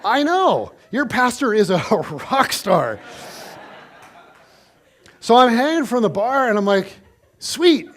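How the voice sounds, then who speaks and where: Brief: male pastor, higher-pitched voice, lively conversational sermon delivery, chatty asides to the congregation. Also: takes it slowly, long pauses. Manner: animated, conversational storytelling to the congregation.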